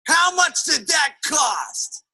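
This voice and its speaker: A man voicing a loud, grumpy, beer-drinking husband who shouts and scolds. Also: extremely high pitch, animated, unhurried, creaky, no echo, pitched above the performer's own voice, full character voice. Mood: angry scolding.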